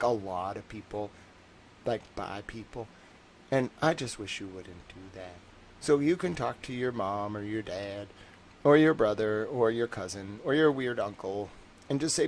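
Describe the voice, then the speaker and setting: A man's voice: mid-range voice, slight background noise. A man hosting a livestream, rambling and joking casually, with lots of filler words. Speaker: livestream host.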